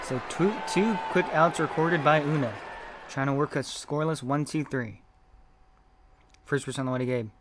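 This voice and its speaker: A man doing live play-by-play commentary of a game, reading chat messages between pitches, his voice not feeling well. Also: moderate pace, noisy background. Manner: reads chat messages between calls, gets loud on big hits.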